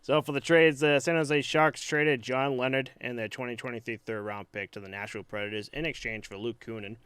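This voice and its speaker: A man co-hosting a sports podcast, talking in a loose, rambling way full of hesitations and restarts. His voice is smooth and clear at an ordinary pitch, and the sound is dry and close. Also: fairly even intonation, brisk, fairly bright tone, no room sound. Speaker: podcast co-host. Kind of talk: casual sports chat.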